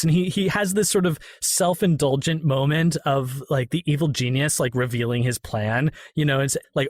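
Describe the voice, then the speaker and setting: A man with a fairly high voice talks through a film in a relaxed podcast conversation. He is animated and drops into a lower tone when quoting lines. The sound is close and dry. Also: moderate pace, few pauses, no echo. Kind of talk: casual film discussion.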